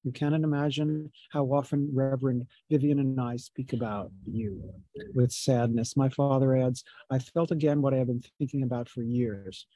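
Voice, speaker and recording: A man's voice: mid-range voice, steady tone, moderate pace, mellow, no room sound, low-quality recording. A man in an online class reading a passage aloud for the group. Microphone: video call.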